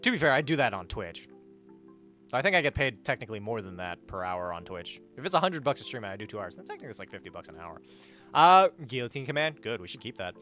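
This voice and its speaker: A man's voice: medium pitch, big pitch swings, quick pace, bright, forceful tone, faint music behind. A young man streaming live, chatting casually, reading out chat and donations, blunt and swearing freely as he rants. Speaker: livestreamer.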